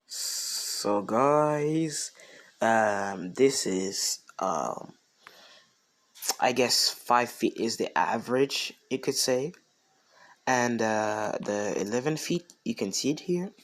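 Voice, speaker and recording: A man improvising a fan story narration, slow and hesitant, full of ums and you-knows. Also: mid-range voice. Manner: slow, hesitant, lots of fillers.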